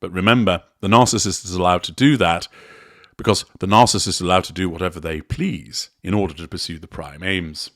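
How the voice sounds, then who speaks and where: A man giving a measured, deliberate analytical commentary, explaining a recorded interaction step by step. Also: sits low, fairly bright tone, dry recording, studio quality. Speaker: commentator on narcissism.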